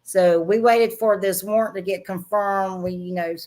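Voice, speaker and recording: A woman's voice: mid-range voice, fairly even intonation, normal speed, darkish tone. Blunt Southern woman telling stories. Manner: blunt, frank, laughs often while telling stories. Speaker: guest. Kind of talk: casual storytelling interview.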